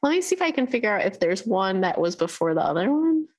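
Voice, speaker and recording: A woman co-hosting a podcast in casual chat, talking in an animated, chatty way with frequent fillers. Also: medium pitch, fast talker. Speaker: podcast co-host.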